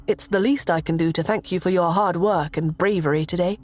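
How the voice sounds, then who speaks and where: A woman voicing a gracious young princess who speaks politely and soothingly, pitched higher than her narration. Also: steady tone, brisk, a little mellow, faint music behind, lightly acted. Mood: apologetic.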